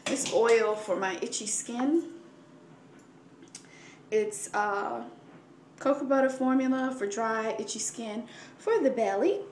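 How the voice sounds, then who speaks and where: A woman's voice: a little high, slow pace, pauses often, darkish tone, a little hiss or hum. A young woman chatting candidly to her camera at home in a pregnancy update vlog. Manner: chatty and candid, grateful, emotional at times. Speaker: vlogger. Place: room at home. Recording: roomy, distant home camera recording with faint ambience.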